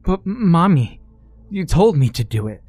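A man's voice: very animated, unhurried, darkish tone, faint music behind. A man putting on a terrified little boy's cry. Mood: pleading, terrified. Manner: high pleading cries. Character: frightened desperate little boy.

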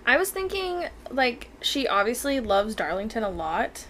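Playful woman with a higher voice. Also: big pitch swings, fairly bright tone, slight background noise. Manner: playful, jokey, quick to laugh. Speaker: book club podcast co-host. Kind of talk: casual chat.

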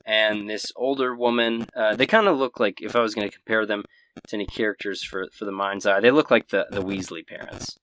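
A man's voice: on the low side, fairly even intonation, brisk, a bit bright, poor audio. A man narrating as game master in a casual, rambling way with many fillers.

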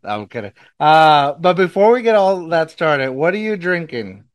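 A man with a Mexican accent hosting a podcast in casual chat, excitable and rambling, laughing often and restarting sentences. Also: fairly high pitch, moderate pace, no room sound. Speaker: podcast host.

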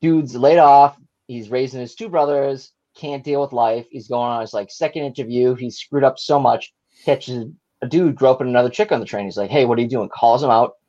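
A slightly tipsy man co-hosting a podcast over a video call, excitedly rambling through plot summaries in casual chat. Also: medium pitch, moderate pace, muffled recording. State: a little tipsy. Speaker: podcast co-host.

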